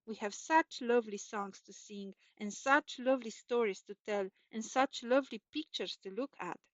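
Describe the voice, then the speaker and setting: A woman's voice: a little high, normal speed, no echo, natural voice. A woman voicing a kind, friendly doctor who soothes a frightened child, in a dull, dry recording. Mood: inviting. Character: kind, cheerful Christian doctor.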